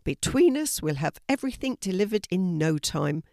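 A woman's voice: mid-range voice, big pitch swings, normal speed, darkish tone, dry recording, clean studio sound, natural voice. A woman voicing a cheerful, helpful young girl who rides a horse in a storybook reading.

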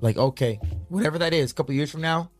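Brief: male podcast co-host, rapid delivery, punchy and repetitive, mid-range voice, faint music behind. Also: a little high, dry recording. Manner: fast, emphatic, repeats points. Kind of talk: casual chat.

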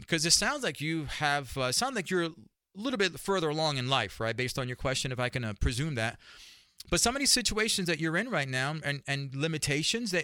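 Energetic New York man hosting a show. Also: on the high side, dry recording, clean studio sound. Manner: energetic, emphatic, repeats phrases. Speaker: talk show host. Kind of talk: solo podcast monologue.

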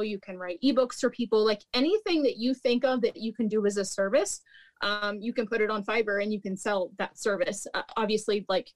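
A young woman, a former restaurant manager, telling work stories in casual chat, bluntly, swearing and laughing often. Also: mid-range voice. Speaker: podcast guest, recruiter and former restaurant manager.

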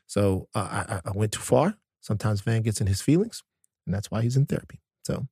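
A man's voice: lowish voice, lively intonation, fairly quick, mellow, slightly rough, dry recording, clean studio sound. Man talking casually, with fillers and restarts. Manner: conversational, stop-start with many fillers and restarts. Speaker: podcast co-host. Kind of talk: casual podcast chat.

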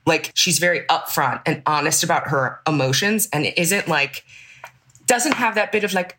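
A woman's voice: sits low, animated, fairly bright tone. A woman guest on a podcast, talking candidly and reflectively in a casual chat. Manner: candid and reflective, quick to laugh.

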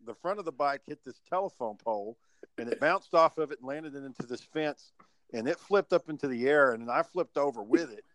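Guy rambling through a wild story, cusses a lot, middle pitch, dry close sound. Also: fairly quick, no room sound. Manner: swearing, animated storytelling. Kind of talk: casual podcast chat.

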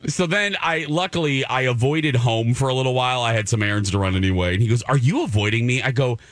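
A man's voice: medium pitch, quick pace. A middle-aged man co-hosting a radio show, chatting casually and acting out people's lines as he tells his stories. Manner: animated storyteller, acting out quotes in a raised voice. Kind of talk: casual chat.

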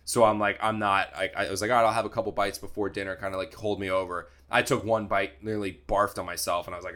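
A young man co-hosting a sports podcast, chatting casually, often repeating words and getting animated when he argues his point. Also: lowish voice, fast, few pauses. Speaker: sports beat writer and podcast co-host.

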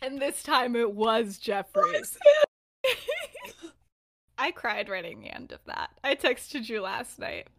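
A woman with a fairly high voice tells a story on her podcast, chatty and rambling, her sentences filled with "like" and "um." The sound is dry and close, with almost no room echo. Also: sing-song, slow, vocal fry, pauses often, a bit bright. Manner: chatty, rambling, many "like" and "um" fillers, giggles often. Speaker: podcast host. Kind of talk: casual storytelling of fan fiction.

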